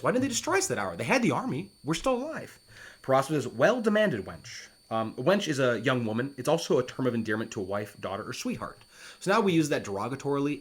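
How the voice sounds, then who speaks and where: A man's voice: mid-range voice, fairly bright tone, husky. A man, a former English teacher, reading Shakespeare's lines with dramatic emphasis and then explaining them in plain words.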